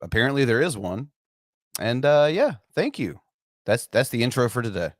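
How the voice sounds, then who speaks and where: A man's voice: mid-range voice, big pitch swings, moderate pace, no echo, studio quality. A man hosting a livestream in casual chat, stammering and repeating words as he chuckles. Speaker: livestream host.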